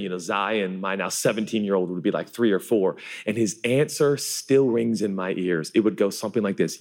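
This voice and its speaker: A man in his forties preaching a sermon in an animated, self-deprecating way, often acting out voices. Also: fairly low pitch, a little fast, few pauses. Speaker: pastor.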